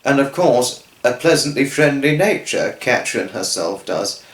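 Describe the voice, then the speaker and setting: A man's voice: mid-range voice, animated, a little slow, fairly bright tone, echoey room, poor audio. A man hosting his own channel, giving a rambling, effusive spoken tribute to friends, full of restarts and fillers. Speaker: channel host.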